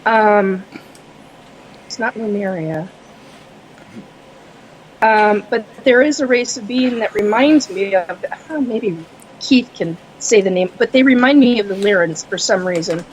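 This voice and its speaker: A woman speaking as a guest on a podcast panel, hesitant, with many fillers and frequent throat clearing. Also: medium pitch, measured pace, long pauses, lo-fi sound, a little hiss or hum. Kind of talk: casual podcast panel chat.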